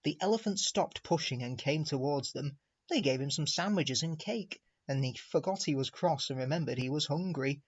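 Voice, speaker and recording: A man narrating a storybook aloud, expressive and speaking to the listener directly. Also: fairly high pitch, normal speed, husky, highs cut off. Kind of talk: storybook reading.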